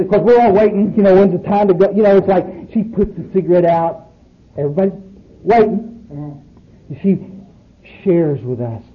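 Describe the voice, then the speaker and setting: A man's voice: high voice, moderate pace, pauses often. A man, speaking bluntly and profanely to a room full of people at a recovery meeting. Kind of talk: speaking to an audience. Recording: muffled recording with faint noise.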